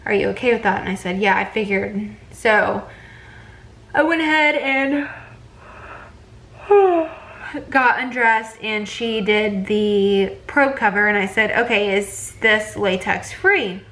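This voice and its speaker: A woman's voice: medium pitch, slow, fairly bright tone, low-quality recording. A young pregnant woman, chatting casually in a vlog and retelling a bad appointment with lots of fillers. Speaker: vlogger.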